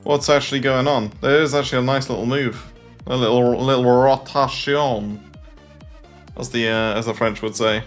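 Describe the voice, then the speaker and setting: A man's voice: mid-range voice, little pitch movement, quick pace, hardly any pauses, fairly bright tone, faint music behind. A man chatting casually on a livestream about trading, rambling with plenty of fillers and restarts.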